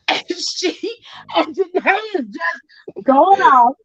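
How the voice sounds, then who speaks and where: A high-voiced woman hosts a casual podcast chat and tells a story with lots of acted-out quotes and swearing. The sound is dry and a bit dull, like a lo-fi home setup. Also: extremely slow, no echo. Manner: animated storytelling, acts out quotes, swears freely. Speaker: podcast host.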